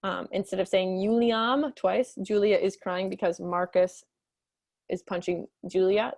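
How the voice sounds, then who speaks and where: A woman teaching Latin, reading lines slowly and then explaining them quickly in English. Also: fairly even intonation, vocal fry, a little mellow, no echo, studio quality. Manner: acts out characters with high squeaky voices. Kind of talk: explaining a textbook story.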